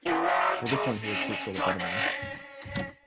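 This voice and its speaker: A man's voice: a little high, huge pitch swings, a little slow. A man with an Australian accent, a music producer walking through his session in a casual, self-deprecating way with many fillers. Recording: music playing behind the voice.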